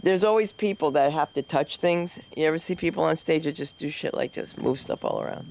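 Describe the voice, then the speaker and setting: A man hosting a comedy open mic, teasing the comics with gruff banter between acts. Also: a little high, fairly quick, darkish tone, a little hiss or hum.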